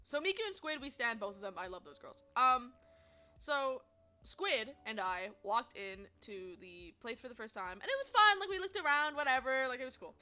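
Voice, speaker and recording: A young woman streamer telling stories to her chat in a chatty, animated way, swearing freely and laughing often. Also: high-pitched, moderate pace, faint music behind. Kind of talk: casual storytelling to chat.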